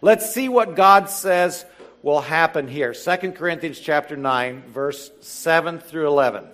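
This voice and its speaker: A man preaching a sermon, reading scripture slowly and building to emphatic, animated exhortation. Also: a little high. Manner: reads scripture slowly and deliberately. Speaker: pastor.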